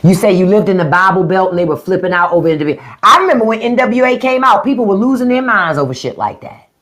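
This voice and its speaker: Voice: mid-range voice, animated, fast talker, fairly bright tone. A livestream host giving a blunt, profane, mocking rant to viewers. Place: livestream at home.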